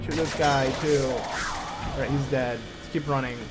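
A man's voice: medium pitch, fairly even intonation, unhurried. A young man giving casual let's play commentary while shooting at a game, often yelping and exclaiming when startled. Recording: game music loud behind voice. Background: game music.

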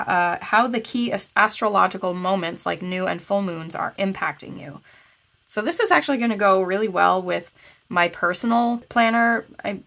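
Congested woman with a gravelly voice. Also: mid-range voice, fairly bright tone. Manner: chatty, frequent restarts. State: congested, stuffy nose. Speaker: planner review vlogger. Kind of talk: casual review with read-aloud passages.

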